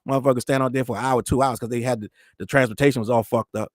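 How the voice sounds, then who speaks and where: A man's voice: mid-range voice, racing, no echo, studio quality. A man hosting a casual commentary show, ranting profanely and acting out the people he talks about. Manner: profane, animated, acts out quoted voices. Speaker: podcast host.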